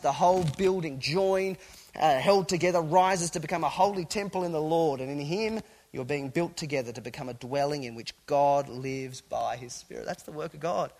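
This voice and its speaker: A man preaching a sermon to a congregation in a church, animated and conversational, with playful asides. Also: fairly high pitch, poor audio. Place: church hall before a congregation.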